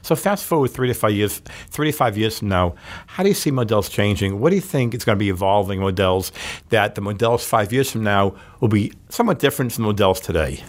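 A man's voice: lowish voice, expressive, brisk. A man hosting an interview, asking questions in a casual, eager, teasing way. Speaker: interview host.

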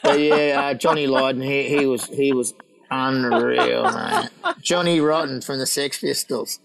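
A man's voice: mid-range voice, unhurried, gravelly, loud music behind the voice, poor audio. An Australian man telling rowdy stories in casual chat, swearing, laughing and acting out what people said. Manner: animated, swearing, laughing, acting out quoted voices.

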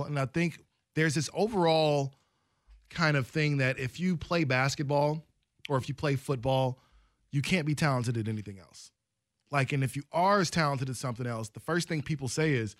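A man's voice: medium pitch, animated, moderate pace, no echo, studio quality. A man hosting a sports radio show, talking casually and rambling in a self-deprecating way.

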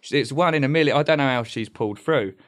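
A man's voice: mid-range voice, fast, a bit bright. A man, telling a raw personal story on a podcast, swearing freely and trailing off mid-sentence. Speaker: podcast guest.

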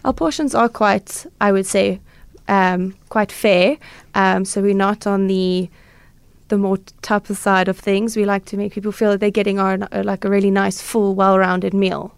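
A woman's voice: mid-range voice, fairly even intonation, moderate pace, creaky, clear, resonant tone, no room sound. A woman guest on a radio interview, describing restaurant dishes in a hesitant, informal way with many fillers. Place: radio studio.

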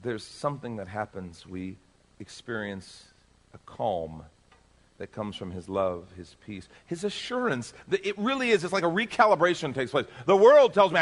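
Animated pastor preaching in a reverberant hall. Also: male voice, mid-range voice, normal speed. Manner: animated, acts out everyday voices. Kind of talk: sermon.

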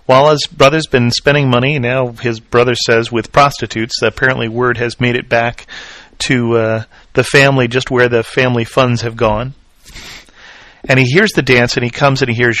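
Expressive male preacher, dry close sound. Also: medium pitch, normal speed, dry recording. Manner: expressive storytelling, swings from loud to quiet. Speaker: pastor. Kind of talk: sermon.

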